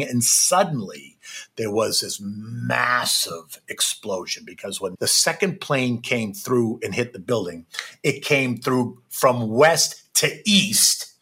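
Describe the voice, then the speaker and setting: A man's voice: mid-range voice, sharp tone, breathy edge. A man recounting a personal experience in an emphatic, repetitive way, often tagging his sentences with "right?". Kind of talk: personal storytelling.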